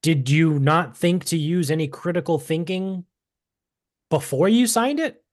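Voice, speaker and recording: A man's voice: a little high, lively intonation, unhurried, no echo, clean studio sound. A man co-hosting a podcast in casual chat, telling a story in a rambling way with swearing and mocking asides. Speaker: podcast co-host.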